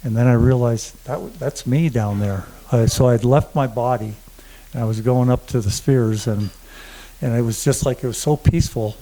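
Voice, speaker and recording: A man giving a halting personal testimony to a conference audience, full of fillers and restarts. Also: mid-range voice, mellow, low-quality recording. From German family. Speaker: conference speaker. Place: conference room before an audience.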